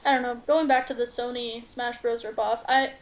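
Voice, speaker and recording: Higher-voiced woman musing on a lo-fi podcast. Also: fairly even intonation, moderate pace. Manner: thoughtful, hedging. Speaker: podcast guest. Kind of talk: casual gaming chat. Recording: dull lo-fi.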